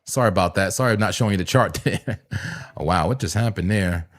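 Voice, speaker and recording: A man hosting a live crypto trading stream, talking casually and excitably, with a voice hoarse and cracking from long streams. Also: sits low, fast talker. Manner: excitable, laughs often, sudden shouts. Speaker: crypto trading livestream host.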